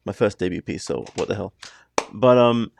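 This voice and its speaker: A man's voice: lowish voice, moderate pace, creaky, a little mellow, slight background noise. A man hosting a reaction video, talking through the music in a chatty, rambling way that keeps breaking off mid-thought. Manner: chatty, rambling, self-interrupting. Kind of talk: casual rambling commentary.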